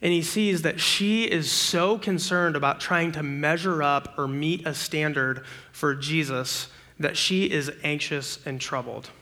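A young man delivers a sermon in a casual, conversational way, checking in with his listeners through quick rhetorical questions. His voice is bright and forceful, sitting a little high, and it lifts into animated bursts when he acts out everyday scenes. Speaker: campus ministry preacher.

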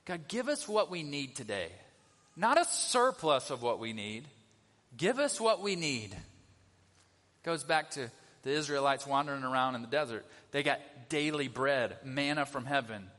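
Lively man preaching in a reverberant hall. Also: mid-range voice, a little slow. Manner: conversational preaching, asks the congregation questions. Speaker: pastor. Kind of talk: sermon. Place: church sanctuary. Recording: long reverb of a church hall.

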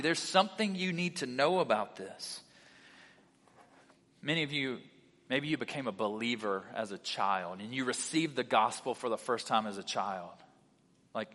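A man preaching a sermon as pastor, mixing animated delivery with casual conversational asides. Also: mid-range voice. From South Carolina. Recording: long hall reverb.

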